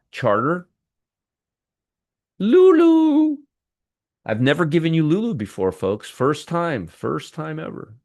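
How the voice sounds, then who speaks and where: A man's voice: lowish voice, no room sound. Man, trading show host, wry, sarcastic, live market commentary, dry sound.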